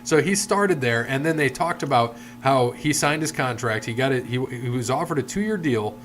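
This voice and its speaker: A man of middle pitch co-hosting a casual chat podcast. He talks in long rambling runs and slips into quoted voices as he retells stories. A faint hum sits under the recording. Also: animated, moderate pace, a bit bright. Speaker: podcast co-host.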